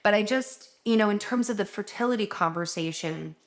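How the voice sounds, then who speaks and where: A woman's voice: medium pitch, a little fast. A woman, a doctor, talking openly in a personal vlog from her home, rambling and emotional, tired and close to tears. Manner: open, rambling and emotional, many fillers. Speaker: doctor and vlogger.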